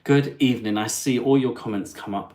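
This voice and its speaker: A man's voice: mid-range voice, a little fast, a little mellow. A man hosting his travel livestream, chatting in a cheeky, jokey way with asides to viewers. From England. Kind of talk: chatty live stream.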